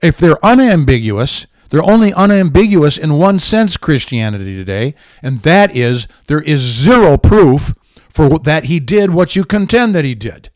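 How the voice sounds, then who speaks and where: A man's voice: fairly high pitch, big pitch swings, moderate pace, a little mellow, no room sound. Indignant, ranting talk-show man. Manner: heated, indignant, sarcastic ranting. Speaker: political talk show host. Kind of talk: angry political commentary.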